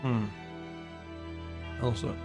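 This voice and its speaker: A man's voice: drawn-out words, over music. A young man streaming a game, chatting casually and swearing often. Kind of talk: casual gaming commentary.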